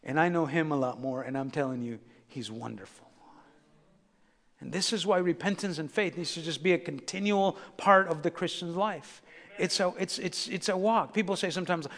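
A middle-aged man preaches a sermon in a church. His voice sits high and rings out with a long reverb from the hall. He swings from loud, rising exhortation down to quiet, hushed storytelling. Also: normal speed. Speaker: pastor. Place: church sanctuary.

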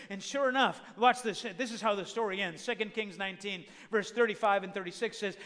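High, bright-voiced man preaching. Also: a little fast, hardly any pauses. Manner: preaching with rising emphasis, rhetorical questions. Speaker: pastor. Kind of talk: sermon. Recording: long hall reverb.

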